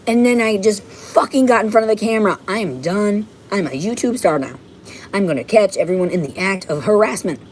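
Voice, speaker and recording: A woman's voice: medium pitch, expressive, a little fast, darkish tone, a little hiss or hum, rough recording. A woman on a rambling livestream from her home, ranting and swearing in an agitated way. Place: home, indoors.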